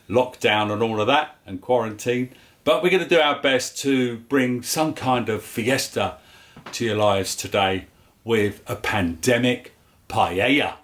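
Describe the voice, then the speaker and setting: A man's voice: on the low side, fairly bright tone. A man with a London accent hosting a casual home cooking vlog, chatty and jokey. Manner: chatty and jokey, with filler words. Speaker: cooking show host.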